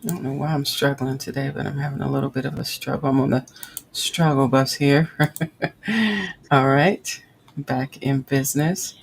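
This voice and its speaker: A woman's voice: extremely low pitch, moderate pace, gravelly, slightly rough, poor audio. A woman hosting a live crochet tutorial, counting stitches aloud and chatting with viewers as she works. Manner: chatty, reads and answers live chat. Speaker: crochet livestream host.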